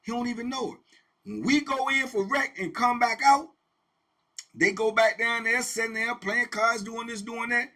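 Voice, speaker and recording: Animated husky storyteller man. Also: extremely high pitch, moderate pace. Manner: animated storyteller with sound effects and quoted voices. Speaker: host telling prison stories. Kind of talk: casual storytelling.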